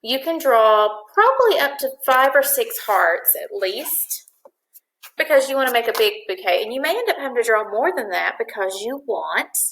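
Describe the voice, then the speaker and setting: A woman teacher leading a video craft lesson for first graders, giving patient, clear step-by-step instructions. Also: on the high side, expressive, moderate pace, fairly bright tone. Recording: echoey room.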